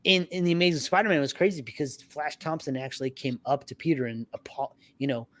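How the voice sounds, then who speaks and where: A man co-hosting a casual livestream chat, excitable, swearing freely and laughing often. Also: on the high side, fast. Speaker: podcast co-host.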